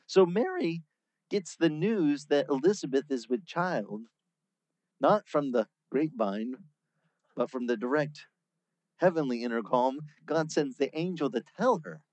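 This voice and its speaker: A man preaching a sermon, teaching through a Bible passage in a lively, conversational way. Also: fairly high pitch, a little slow, no room sound. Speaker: pastor.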